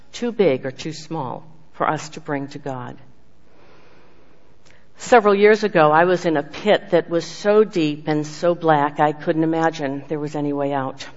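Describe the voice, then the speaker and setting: Earnest devotional speaker, emphatic then hushed, mid-pitched, muffled lo-fi recording with a long hall tail. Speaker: speaker giving a devotional message. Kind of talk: sermon with personal testimony. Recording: dull lo-fi sound with long hall reverb.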